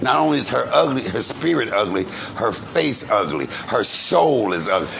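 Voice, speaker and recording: A man with a mid-range voice and vocal fry speaks at a moderate pace in an outdoor phone vlog, walking to a grocery store. His monologue is an animated, profane rant full of insults about his family, with slight background noise.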